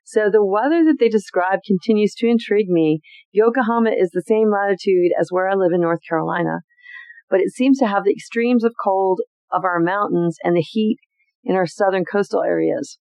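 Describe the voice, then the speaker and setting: Gravelly-voiced host reading old letters. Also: mid-range voice, a little fast, no room sound, rough recording. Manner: expressive, chatty reading with personal asides. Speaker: podcast host.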